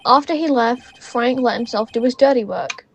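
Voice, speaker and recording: A woman's voice: a little high, normal speed, breathy edge. A young woman casually playing a video game, reading its dialogue aloud and cracking jokes and swearing in asides. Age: teens or young adult. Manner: chatty, jokey, swears in asides. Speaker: gaming video creator.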